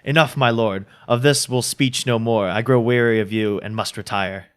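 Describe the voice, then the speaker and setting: A man reading a weary young woman's lines in Shakespearean verse, calm and fairly plain. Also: mid-range voice, moderate pace, smooth, lightly acted. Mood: cool.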